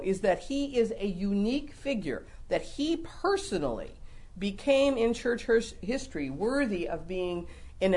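A woman teaching a Bible lesson to a congregation in a conversational, lively way, often repeating words as she explains. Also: lowish voice. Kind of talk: sermon-style Bible teaching.

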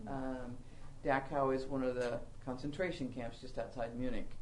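An older woman giving a Bible teaching talk to women, telling animated, self-mocking stories. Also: rumbling low, moderate pace, slight background noise, rough recording.

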